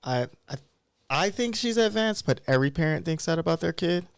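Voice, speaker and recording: A man's voice: a little high, animated, fairly quick, gravelly, smooth, dry recording. A man in his thirties, a barber guest on a podcast, talking in a candid, loose and reflective way. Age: 30s. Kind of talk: casual podcast conversation.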